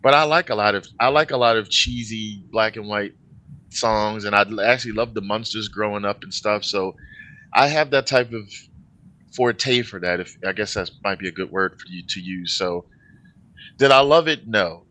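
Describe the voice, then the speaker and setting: A man co-hosting a music reaction video, chatting casually and giving candid opinions with animated questions. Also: lowish voice, normal speed. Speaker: reaction channel co-host. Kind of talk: casual chat reacting to a song.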